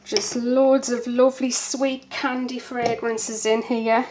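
Slow, breathless woman chatting. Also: fairly high pitch, flat delivery, a little mellow, slight background noise. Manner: chatty, unhurried, many fillers. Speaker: soap maker. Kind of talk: casual demonstration vlog.

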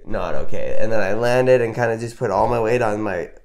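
Animated man telling a story. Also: fairly low pitch, a little fast. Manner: animated, says "like" often. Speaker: podcast guest, professional snowboarder. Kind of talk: casual storytelling chat.

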